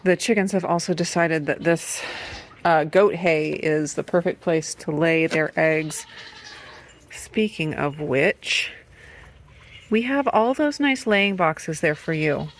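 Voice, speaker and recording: Woman with a low, even voice, chatting in a vlog. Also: slow. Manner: coos in a high sing-song voice to the animals. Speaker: vlogger. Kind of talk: casual food and farm vlog narration. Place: small home farm and home kitchen.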